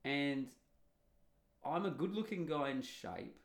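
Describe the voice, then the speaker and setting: A man's voice: on the high side, expressive, slow. An Australian man with an Australian accent, giving a blunt, rambling solo monologue full of fillers and restarts. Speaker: vlogger.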